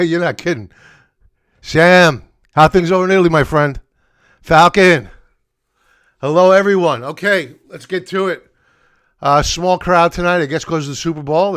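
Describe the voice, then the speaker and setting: A man's voice: a little high, fairly bright tone. A middle-aged man hosts a live stock market stream. He is a bit out of breath, greets viewers by name and talks through market news in a casual way.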